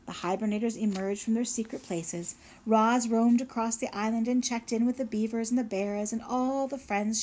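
A woman's voice: fairly high pitch, a little mellow. Woman reading a storybook aloud. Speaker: audiobook narrator. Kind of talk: scripted narration.

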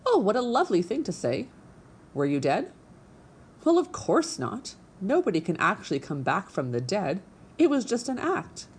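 A woman voicing a dramatic, show-off female opossum with a high, theatrical manner. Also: huge pitch swings, moderate pace, breathy edge, heavily acted. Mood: gushing.

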